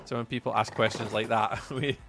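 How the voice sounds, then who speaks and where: A man's voice: medium pitch, level tone, brisk, a bit bright, soft background music. A young man with a Scottish accent, chatting casually with his chat while livestreaming a game. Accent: Scottish, Edinburgh area. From Scotland. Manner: chatty, reads chat aloud, repeats phrases. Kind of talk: casual live-stream chat while playing.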